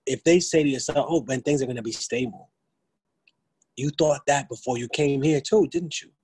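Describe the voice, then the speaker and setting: A man speaks to a student audience in a blunt, streetwise way, cursing freely and restarting his sentences. His voice is slightly husky at a middle pitch. The sound is dry and close, with little room echo. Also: normal speed, darkish tone. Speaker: guest lecturer. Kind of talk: lecture to students.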